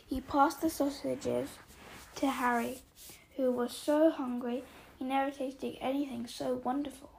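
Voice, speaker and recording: A woman narrating a story aloud in a measured, expressive way. Her voice sits high and carries a noticeable vocal fry, and she takes her time over each phrase. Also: low-quality recording.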